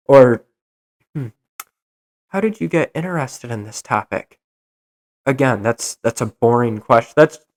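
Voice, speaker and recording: A young man hosting a solo podcast, ranting in an exasperated, animated way. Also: mid-range voice. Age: young adult. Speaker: podcast host.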